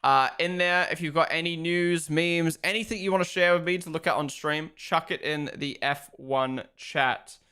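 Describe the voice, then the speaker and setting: A young man talking casually to his live stream audience from a room at home. He is excitable and chatty and swears freely. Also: on the high side, normal speed, few pauses, clear, resonant tone. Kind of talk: casual live watch-along commentary.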